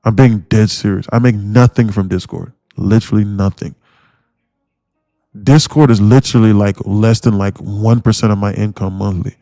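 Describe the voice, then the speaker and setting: A man's voice: lowish voice, fairly even intonation, moderate pace, mellow, no room sound. A man livestreaming his day trading, ranting bluntly with lots of swearing and mocking his viewers. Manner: blunt, swearing, mocks viewers in put-on voices. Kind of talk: profane ranting livestream talk.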